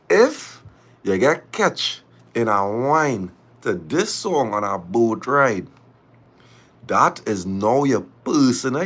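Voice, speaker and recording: A man with a Trinidadian accent chatting casually on a live stream, lively and repeating his phrases as he urges viewers to press like. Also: mid-range voice, slightly rough.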